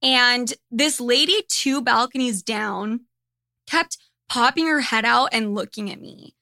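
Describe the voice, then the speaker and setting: Bright, blunt woman podcaster. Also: on the high side, a little slow, vocal fry, no room sound, studio quality. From United States. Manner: blunt, profane and candid. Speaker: podcast host. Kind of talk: casual monologue.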